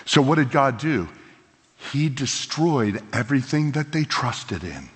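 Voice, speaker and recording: A man preaching a sermon as pastor, animated and conversational, leaning into quoted lines. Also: medium pitch, measured pace, slightly rough. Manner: animated, acts out voices of biblical figures in quotes. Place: church sanctuary. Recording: long hall reverb.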